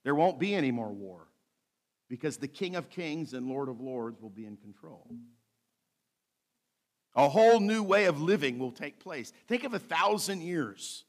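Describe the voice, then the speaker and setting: A male pastor delivering a sermon, reading scripture slowly and adding light asides with a bit of humor. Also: fairly high pitch, sing-song. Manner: preaching with light humor, slows to read scripture aloud.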